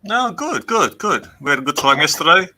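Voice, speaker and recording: A man joining a livestream as a guest, in casual chat, making dry, deadpan jokes. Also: on the high side, moderate pace. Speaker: guest caller on a stream.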